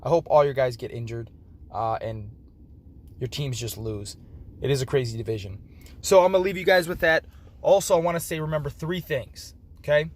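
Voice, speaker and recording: A man's voice: medium pitch, moderate pace, rough recording. A tired man hosting a fantasy football league preview in a casual, rambling way, with slightly slurred speech and frequent self-corrections. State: tired, late at night. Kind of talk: casual game preview commentary.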